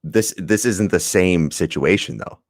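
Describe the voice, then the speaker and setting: A man's voice: low voice, unhurried, gravelly, no echo, clean studio sound. A man co-hosting a podcast in casual chat, defensive and profane, often laughing as he argues. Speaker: podcast co-host.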